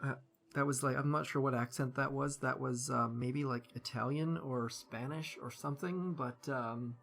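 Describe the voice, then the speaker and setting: A man's voice: mid-range voice, steady tone, moderate pace, gravelly, a bit bright. A man giving casual live-stream commentary on a game, chatty and rambling, greeting viewers by name and thinking aloud with lots of fillers.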